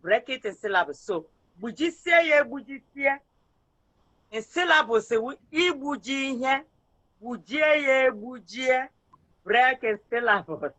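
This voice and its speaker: A man's voice: very high-pitched, expressive, a little slow, pushed and bright, rough recording. A man teaching an online language lesson, patiently drilling words syllable by syllable over a video call.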